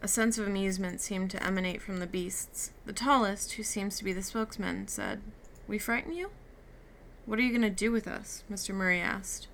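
A woman's voice: medium pitch, fairly even intonation, a little fast, gravelly, hardly any pauses, a bit bright, slight background noise. A woman reading a novel aloud, giving the characters' lines light shifts. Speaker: reader. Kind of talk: audiobook reading with character dialogue.

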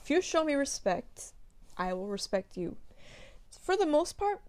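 A woman's voice: medium pitch, darkish tone. Young adult woman from the US, casual Q&A monologue, chatty and slangy, phone memo recording. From from the United States. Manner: chatty, slangy, lots of fillers and laughs. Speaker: audio performer answering listener questions. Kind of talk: casual monologue answering questions.

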